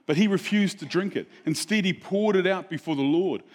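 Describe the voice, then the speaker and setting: A man preaching a sermon, telling a Bible story in a relaxed, conversational way and asking the audience questions. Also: high voice, fairly quick. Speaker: pastor.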